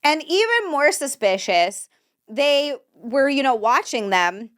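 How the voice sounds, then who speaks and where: A woman's voice: high voice, sing-song, takes it slowly, a bit bright. A woman co-hosting a true-crime podcast, recounting events in a chatty way, swearing and laughing as she goes. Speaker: podcast co-host.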